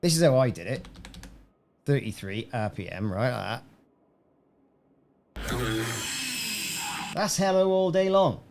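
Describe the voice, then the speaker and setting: A man's voice: mid-range voice, expressive, slow, long pauses, background noise. Chatty man streaming a game. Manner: chatty, rambling, answers chat by name. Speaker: gaming streamer. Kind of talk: casual live-stream chat.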